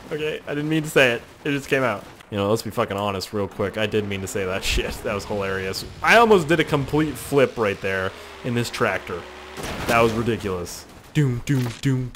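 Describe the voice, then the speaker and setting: A young man casually commentating a video game, swearing often and joking loudly. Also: mid-range voice, slight background noise. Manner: profane, goofy, excitable. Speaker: gaming YouTuber. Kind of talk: casual let's-play commentary.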